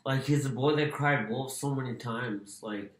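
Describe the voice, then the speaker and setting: A man who used to box, co-hosting a podcast in relaxed, agreeable chat. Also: mid-range voice, moderate pace, roomy sound. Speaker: podcast co-host, former boxer. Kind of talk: casual sports chat.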